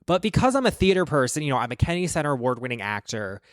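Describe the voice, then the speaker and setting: A man's voice: on the high side, very animated, very fast, dry recording, studio quality. A man hosting a casual reaction chat, talking in a rambling, profane, gossipy way. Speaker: host.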